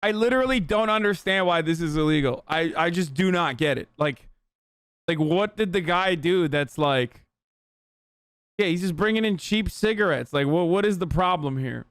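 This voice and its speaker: A man's voice: sits high, animated, moderate pace, a bit bright, clear, resonant tone, no room sound, clean studio sound. A young man reacting to a TV clip on stream, swearing a lot and sounding sarcastic and exasperated. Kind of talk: casual reaction commentary.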